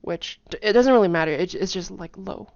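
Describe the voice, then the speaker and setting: A woman casually explaining tone patterns in a lesson, talking in a chatty way with lots of fillers and humming or singing syllables to show pitch. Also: fairly quick, darkish tone, no echo, dull audio. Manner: chatty, many fillers, hums and sings tone patterns. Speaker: language teacher.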